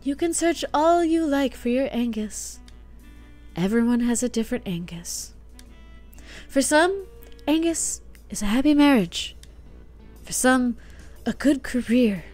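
Lady putting on a preachy sermon-y voice on a buzzer, slow and grand. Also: high voice, animated, a little mellow, faint music behind. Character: solemn preachy church voice on an intercom.

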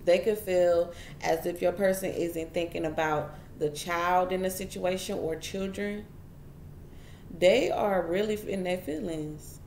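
A woman's voice: on the low side, steady tone, unhurried, a little mellow, reverberant, slight background noise. A woman giving a casual tarot reading straight to her viewers, chatty and repeating herself as she goes. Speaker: tarot reader.

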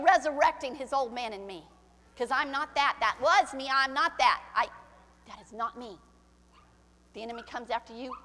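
A woman pastor preaching a sermon, swinging from soft, confiding lines to shouted ones and acting out the voices she quotes. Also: sits high. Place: church sanctuary. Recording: church hall with long reverb.

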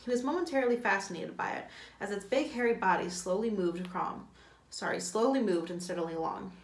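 A woman's voice: mid-range voice, brisk. Woman reading a novel aloud, echoey room. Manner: plain reading with slips and self-corrections. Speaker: teacher.

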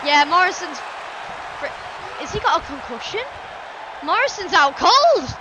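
A woman giving excitable play-by-play commentary over her own wrestling game, often shouting and exclaiming. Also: extremely high pitch, unhurried. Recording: game music and crowd noise behind.

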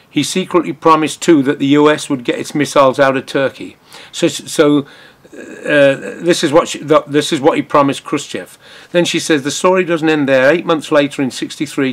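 An older man from Britain, giving a political commentary while reading from an article, hesitant and full of restarts. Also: fairly high pitch.

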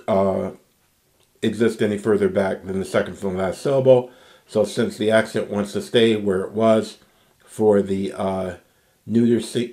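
A man teaching a recorded Greek grammar lesson, explaining slowly and patiently and checking in with "okay?". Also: fairly low pitch, dark tone. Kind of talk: recorded language lecture.

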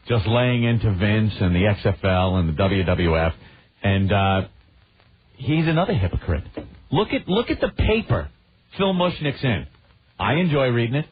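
A man hosting a radio show, ranting in casual chat with a mocking, animated manner. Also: medium pitch, normal speed, slightly rough. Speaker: radio host. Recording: muffled radio broadcast with faint hiss.

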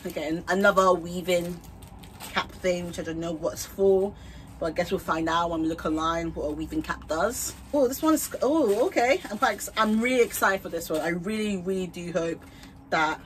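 A woman's voice: fairly low pitch, normal speed, a bit bright, slight background noise. A young woman vlogger chatting casually while trying on wigs at home, bubbly and rambling, laughing often and swearing freely.

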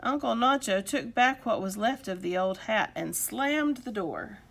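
A woman reading a children's picture book aloud with expressive storytelling delivery. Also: a little high, unhurried, gravelly, a little hiss or hum. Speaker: storybook reader.

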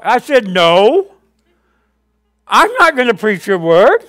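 High-voiced pastor preaching with animated storytelling. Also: male voice. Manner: animated storytelling, acting out his own past dialogue with God; addresses the congregation with quick questions. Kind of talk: sermon.

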